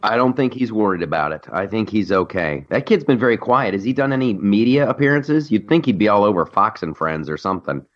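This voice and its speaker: A man's voice: lowish voice, brisk, hardly any pauses, lo-fi sound. Blunt, joking male talk-radio host. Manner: animated, jokey, blunt opinions. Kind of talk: casual political talk radio banter.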